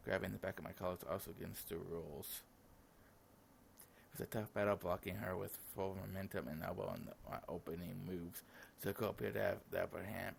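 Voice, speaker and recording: A man's voice: low voice, vocal fry, slight background noise. A sleepy young man reading all the lines of a visual novel aloud in his own voice, with casual asides. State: sleepy, yawning. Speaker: gaming channel host.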